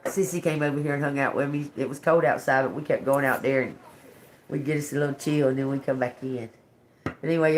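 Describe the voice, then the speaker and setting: Woman, lower voice, casual tarot live-streamer at home, rambling and salty-mouthed, laughs a lot. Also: slight background noise. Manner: rambling, laughing, cursing storyteller. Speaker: tarot reader. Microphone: phone.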